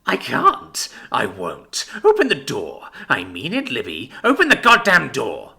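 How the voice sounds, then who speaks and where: A man's voice: medium pitch, wildly swooping pitch, measured pace, creaky, pushed and bright, full character voice. A man voicing a blunt, aggressive young man in a narrated story, who swears freely and swings between menace and worry. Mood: furious.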